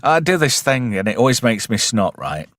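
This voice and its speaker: A man's voice: on the low side, sing-song, normal speed, fairly bright tone, no room sound. Wry man, dry close sound. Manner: chatty and wry, rambling with asides. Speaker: host of a live movie review stream. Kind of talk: casual live-stream film commentary.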